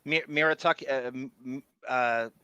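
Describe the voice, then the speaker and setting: A man hosting a podcast, chatting casually and jumping in with eager, quick interjections. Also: mid-range voice, steady tone, bright, forceful tone, clean tone, no room sound, muffled recording. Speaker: podcast host. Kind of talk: casual chat.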